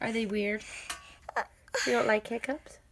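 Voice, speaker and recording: A woman's voice: a little high, steady tone, unhurried, noisy background. A young mother at home, playfully coaxing and questioning her toddler at bedtime in a casual home video.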